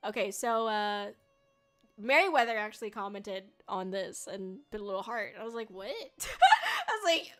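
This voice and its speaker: In a fairly bright, medium-pitched voice with a steady tone, a young VTuber chats casually with her livestream viewers at a moderate pace. She's bubbly and giggly, fills her speech with filler words, and faint music is audible behind her.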